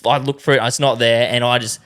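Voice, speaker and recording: An Australian man co-hosting a podcast, telling a sweary, animated story in casual chat. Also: medium pitch, fast. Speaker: podcast co-host.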